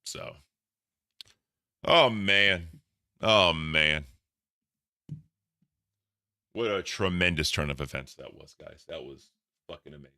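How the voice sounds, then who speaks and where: A man's voice: low voice, takes it slowly, long pauses, sharp tone, dry recording, clean studio sound. A man reacting to clips for his stream chat in casual, profane commentary. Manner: profane, laughing, talks to chat.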